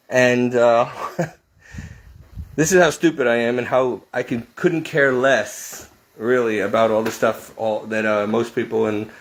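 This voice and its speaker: A man vlogging a casual story from inside a house, rambling and interrupting himself, laughing often. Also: mid-range voice.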